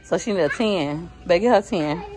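This casual shopping vlog features a woman addressing her viewers directly as she films herself in a store on a handheld phone. Her chatty, easygoing voice is on the low side and darkish, expressive, and brisk.

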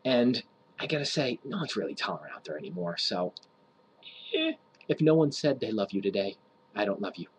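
A man's voice: on the low side, very animated, fairly quick, a little hiss or hum, poor audio. A man ranting to camera in a rambling, crude, mock-offensive way, swearing freely and laughing at his own jokes. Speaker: vlogger.

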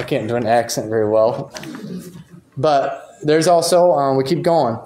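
A man's voice: mid-range voice, moderate pace, a little mellow, a little hiss or hum. A man teaching a church Bible class in a conversational way, reading quotations aloud and commenting on them. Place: church meeting room. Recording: roomy echo.

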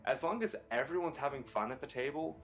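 A man with a mid-pitched voice giving earnest advice on a panel, laying out his points and answering his own rhetorical questions. Faint music plays softly underneath. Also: fast talker. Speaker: panel guest, voice actor.

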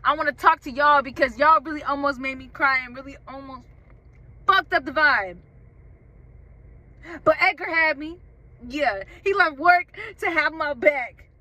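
Bright-voiced young woman vlogger, swearing bluntly. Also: high-pitched, measured pace, no room sound. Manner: blunt, heavy swearing, venting; loose slangy chat to viewers. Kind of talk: casual unboxing vlog to camera.

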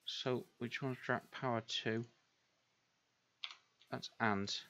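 A man's voice: medium pitch, fairly even intonation, slow pace, sharp tone, a little hiss or hum. A man hosting a gaming video, commenting on his own play and scolding himself in exasperated outbursts. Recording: dull lo-fi sound.

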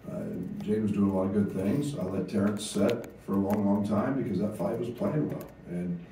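A man, a head basketball coach, answering press conference questions, halting with fillers and restarts. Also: lowish voice, mellow. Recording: echoey room, distant mic, faint noise.

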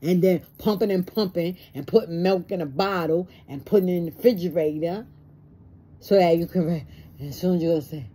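Stressed woman venting in a vlog, dark mellow voice, plays out both sides of the talk. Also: on the low side, moderate pace, breathy edge. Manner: emotional, plainspoken, acts out both sides of conversations. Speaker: vlogger. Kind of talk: personal monologue to camera.

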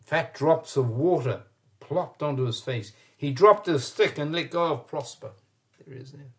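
A man reading a children's picture book aloud, expressive and pausing to point out the pictures. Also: fairly high pitch. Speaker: storyteller.

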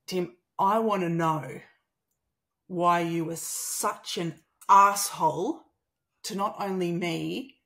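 A woman's voice: lowish voice, slow, creaky. A woman in her thirties with an Australian accent, a guest telling a personal story in conversation and acting out the dialogue. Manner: animated, acts out quoted dialogue.

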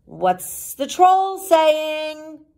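A woman's voice: sits high, very animated, drawn-out words, darkish tone. A woman teacher reading a storybook aloud to children, coaxing them with questions as she goes. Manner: coaxing, asks the listeners questions.

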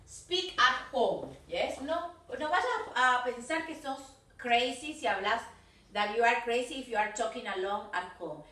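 A woman's voice: on the high side, expressive, moderate pace, pushed and bright. A woman with an Argentine Spanish accent teaching an English class, switching between Spanish and English as she corrects pronunciation. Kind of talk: recorded video class. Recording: roomy, from a distance.

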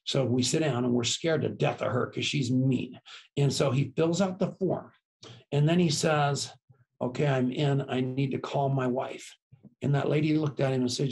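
An older man telling lively stories as a podcast guest, acting out the voices of the people in them. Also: on the high side, normal speed, gravelly. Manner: lively anecdotes, acts out quoted voices. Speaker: podcast guest, business co-founder. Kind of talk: animated storytelling.

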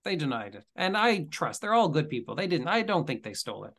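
A man hosting a casual interview, relaxed and chatty, with lots of filler words. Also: fairly high pitch, fairly quick. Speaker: host.

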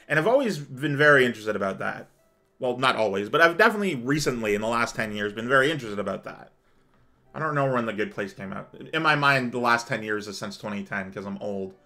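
A man's voice: medium pitch, fast. Brief: chatty gaming host, a man who rambles off on tangents, faint music under. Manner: rambling, digressive, excitable. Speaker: let's play host. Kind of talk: casual gameplay commentary.

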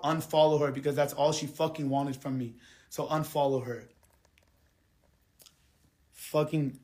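A man ranting angrily to his livestream viewers. He swears heavily, repeats himself, and swings between quiet, subdued stretches and heated outbursts. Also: fairly high pitch. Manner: angry, heavily profane venting; repetitive, drops quiet then heats up. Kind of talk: live stream rant to viewers.

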